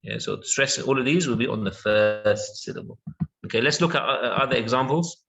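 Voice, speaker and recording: A man's voice: mid-range voice, creaky. A man teaching English pronunciation in an online lesson, patiently repeating words and checking with his students. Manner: patient, repeats words slowly with many yeahs and okays.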